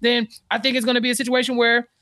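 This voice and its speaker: Man as recap podcast co-host; lively, jumps into character quotes; dry, close, deadened sound. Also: extremely high pitch, fast, no room sound. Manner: animated, acts out characters with exaggerated quotes. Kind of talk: casual TV recap chat.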